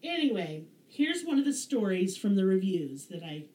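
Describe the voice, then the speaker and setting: Brief: Southern-twanged woman host, profane and sarcastic, mellow voice, echoey room. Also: mid-range voice, moderate pace. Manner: sarcastic, profane, animated storyteller. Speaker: podcast host. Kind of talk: casual storytelling chat. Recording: roomy echo.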